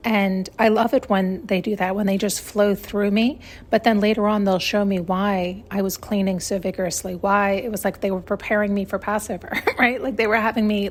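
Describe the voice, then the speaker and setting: A woman hosting a podcast, talking in a rambling, emotional monologue full of fillers and restarts, choked up and close to tears. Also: medium pitch. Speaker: podcast host. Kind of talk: casual spiritual monologue.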